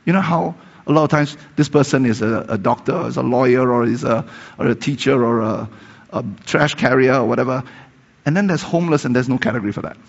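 Fairly quick and mid-range, a husky, gravelly preacher retells a story during a sermon, swinging between emphatic rises and soft, hushed stretches. His voice rings through a large hall with long reverb, captured on a dull, lo-fi recording.

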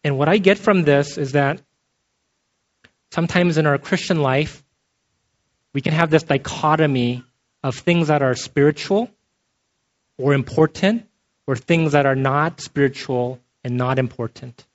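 This pastor's fairly high voice moves at a measured pace with frequent pauses. His sermon is conversational, dotted with "okay?" to check on his listeners, and it comes through as dull, lo-fi sound.

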